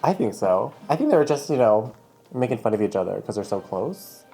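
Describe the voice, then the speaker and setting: A man's voice: on the low side, brisk, gravelly, soft background music. A man chatting as a gossipy guest co-host. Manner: animated and gossipy, lots of likes. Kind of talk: casual recap chat.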